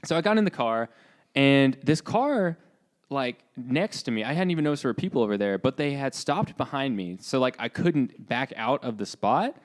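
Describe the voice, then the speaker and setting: A young man co-hosting a podcast, telling a story in a loose, animated way with lots of fillers and acted-out lines. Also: medium pitch, moderate pace. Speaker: podcast co-host. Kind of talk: casual storytelling.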